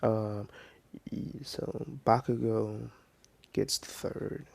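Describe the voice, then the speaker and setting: A man casually telling a fan story off the cuff, rambling with lots of fillers, dropping into soft whispers now and then. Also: on the low side, level tone, very slow, creaky, dry recording.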